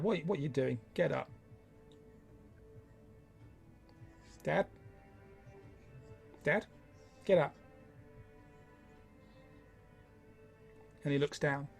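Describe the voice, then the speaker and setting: A man voicing a distraught teenage boy who breaks down sobbing over his father, his voice cracking high. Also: vocal fry. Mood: pleading.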